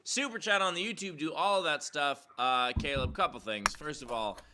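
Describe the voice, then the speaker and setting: A man hosting a comedy show, bantering loudly and excitably with a guest. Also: fairly high pitch, moderate pace, noisy background. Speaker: show host.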